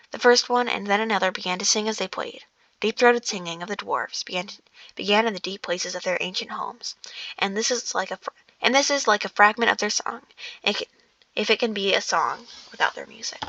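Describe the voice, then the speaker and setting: A woman's voice: mid-range voice, creaky, sharp tone, no echo, lo-fi sound. Stumbling, chatty woman reading aloud. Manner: stumbling, restarting lines, chatty asides. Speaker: audiobook reader. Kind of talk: casual book reading. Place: dark room indoors.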